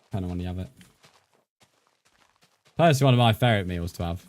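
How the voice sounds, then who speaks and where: Low-voiced man rambling on stream. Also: fast talker. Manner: rambling, chatty, thanks viewers warmly by name. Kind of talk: casual live-stream chat while gaming.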